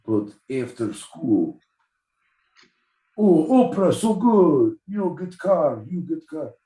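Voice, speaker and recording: A Russian man rambles in broken English with a put-on Russian accent, as a man acts him out. He talks slowly with a lively, jumpy pitch, and the voice echoes in a roomy space. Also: recorded from a distance. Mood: emphatic. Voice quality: broken grammar, emphatic.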